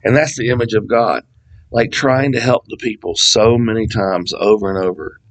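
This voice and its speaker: A man's voice: on the low side, steady tone, normal speed, rough recording. A man leading a casual Bible study, talking conversationally with asides and reading scripture passages aloud. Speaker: Bible teacher.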